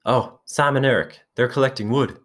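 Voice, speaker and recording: A fretful, bespectacled schoolboy whose voice climbs high and shrill when he pleads, as a man reads him aloud. He stays fussy and anxious and keeps reasoning and begging in a thin, raised tone. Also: normal speed, a bit bright, close to an everyday voice. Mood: timid. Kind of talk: reading a novel aloud with voices.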